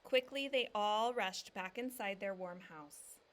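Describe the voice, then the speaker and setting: Teacher read-aloud, woman, calm and even, mid-range voice. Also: a little slow. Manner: calm, dropping low on narration tags. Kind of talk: reading a picture book aloud.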